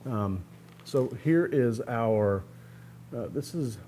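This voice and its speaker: The host of a guitar restoration channel talks casually through a hands-on project step by step while working in his workshop, explaining things in a relaxed, plainspoken way. His mid-range voice moves slowly, with a little hiss or hum in the recording.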